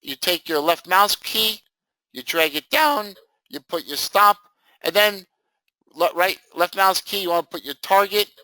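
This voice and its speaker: Male trading instructor, high bright voice, joking and animated, close dry mic. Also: a little slow, smooth, no echo, poor audio. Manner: animated, jokey, acts out students' reactions. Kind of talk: live screen-share training session.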